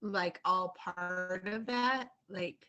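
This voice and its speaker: A woman's voice: lowish voice, drawn-out words, pushed and bright, dull audio, faint music behind. A woman student asking her teacher a rambling question in an online class, full of "like" and "I guess".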